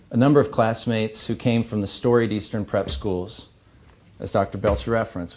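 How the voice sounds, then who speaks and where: A man's voice: on the low side, darkish tone. A man in his thirties from Missouri giving a keynote speech at an awards banquet, earnest and anecdotal with light humor. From Missouri, USA. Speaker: keynote speaker. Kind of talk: ceremony speech. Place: banquet hall.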